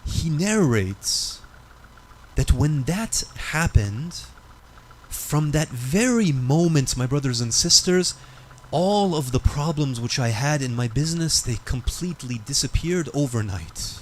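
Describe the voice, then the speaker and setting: Emphatic high-voiced male preacher. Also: lively intonation, measured pace, slight background noise. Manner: dramatic, emphatic storytelling. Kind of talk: sermon storytelling. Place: mosque.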